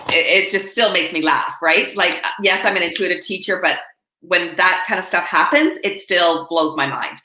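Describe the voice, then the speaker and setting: A woman coach and author telling animated stories in an interview, often laughing and quoting others. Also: lowish voice, moderate pace, echoey room. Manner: laughing, animated anecdotes with acted quotes. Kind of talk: storytelling in a live interview.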